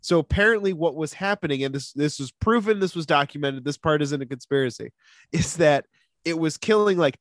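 A man's voice: fairly high pitch, no room sound, studio quality. A young man co-hosting a podcast, explaining a story at length with casual asides. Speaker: podcast co-host. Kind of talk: casual chat.

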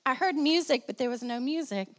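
High-voiced woman pastor preaching. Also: animated, brisk. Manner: preaching with call-and-response, repeating phrases for emphasis. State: slight cough. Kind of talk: sermon.

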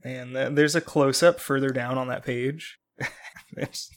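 A man co-hosting a casual comedy podcast, playful and quick with jokes and asides. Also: mid-range voice, fairly even intonation. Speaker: podcast co-host.

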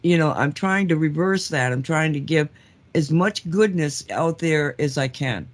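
A co-host on a casual call-in show speaks earnestly and candidly, chuckling at his own remarks. His voice is a little high and his pace a little slow.

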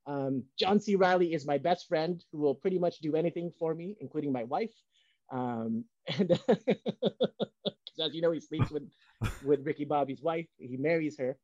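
Podcast co-host, male, rambling joker; slightly higher voice, dry lo-fi mic. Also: normal speed, a little mellow, no echo. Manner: rambling, joking, frequent ums. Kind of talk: casual banter. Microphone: home setup on video call.

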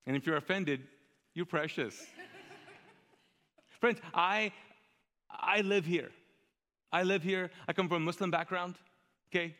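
A man delivers a sermon in a big, echoing room, his voice ringing long off the walls. He sits high for a man and sounds sharp and forceful. He preaches with animated energy and quick jokes. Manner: animated, joking preacher who gets louder and higher while telling a story. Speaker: pastor. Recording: reverberant hall.

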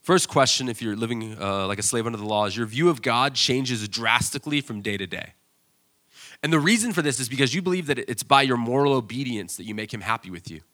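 A man preaching a sermon as pastor, telling stories in an animated way with loud, excited bursts when he acts out scenes. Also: medium pitch, fairly quick.

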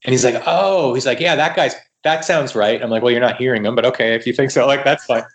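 A man, a guest writer, telling stories in a casual podcast interview, animated and full of quoted dialogue, often restarting his sentences. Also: medium pitch, fast.

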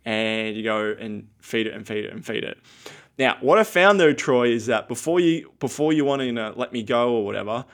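A man's voice: medium pitch, lively intonation, brisk, a bit bright. Rambling man explaining in a casual chat. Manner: rambling, explains step by step with quoted prompts. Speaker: guest copywriter.

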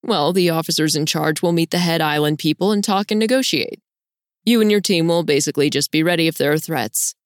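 Charming teasing navy officer, read by a woman, smooth playful delivery, low voice, dry sound. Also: a little fast, no echo, close to an everyday voice. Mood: matter-of-fact.

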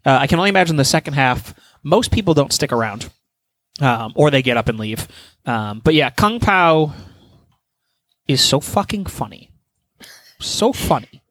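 This podcast host tells a story in a rambling, profane, animated way during a casual chat. He speaks fairly high at a moderate pace, pausing often, and there's no echo.

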